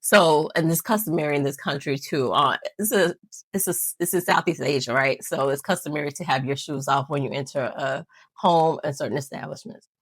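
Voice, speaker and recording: Husky low-voiced woman telling a story. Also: brisk, dry recording. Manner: rambling, self-mocking, laughs often. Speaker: nail channel vlogger. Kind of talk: casual storytelling to camera.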